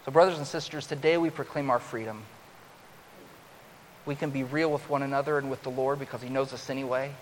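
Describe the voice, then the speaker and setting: A man preaching a sermon, growing louder and higher as he acts out the older son's complaint. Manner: rises loud and high when acting out the older son's complaint. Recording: long hall reverb with faint hiss.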